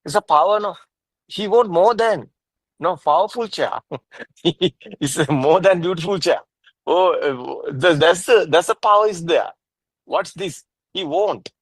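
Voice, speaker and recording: A man teaching Buddhism in a casual discussion over a video call, halting and repetitive, with frequent soft laughs. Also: sits high, husky, no echo, low-quality recording.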